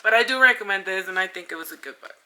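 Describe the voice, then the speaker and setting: A woman's voice: mid-range voice, racing, bright, forceful tone. A young woman in a casual book review vlog, chatty and gushing, with lots of filler words. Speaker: book vlogger.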